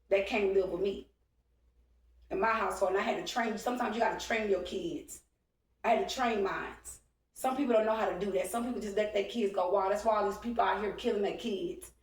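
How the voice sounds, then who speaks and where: Her mid-range voice is darkish and full of vocal fry: a Texas woman in her forties, drawling through a confrontational, profane rant as a vlogger talking to camera. She's emphatic throughout, and the recording has a roomy echo with her positioned away from the mic.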